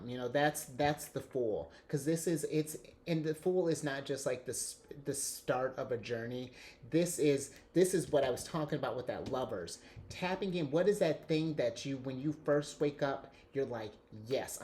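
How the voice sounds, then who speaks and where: A man giving a casual tarot reading, excitable and rambling, often restarting his sentences and laughing. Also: mid-range voice. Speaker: tarot reader.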